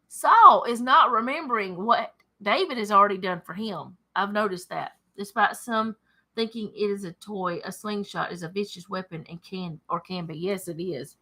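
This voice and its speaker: Bright, chatty woman reading scripture. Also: medium pitch, normal speed. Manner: chatty, thinks aloud and corrects herself. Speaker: Bible study leader. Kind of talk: reading scripture aloud with casual commentary.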